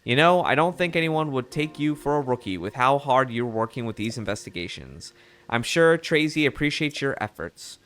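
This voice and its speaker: A man's voice: medium pitch, animated, moderate pace, fairly bright tone, smooth, natural voice. A man voicing a friendly male newspaper reporter in a put-on mid-Atlantic accent, reading game dialogue aloud. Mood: chummy. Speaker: video game streamer.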